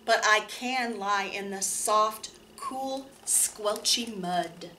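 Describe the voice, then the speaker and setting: A woman voicing a big, plainspoken rhino with slow, emphatic delivery for a children's storybook. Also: mid-range voice, pushed and bright, a little hiss or hum. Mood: announcing.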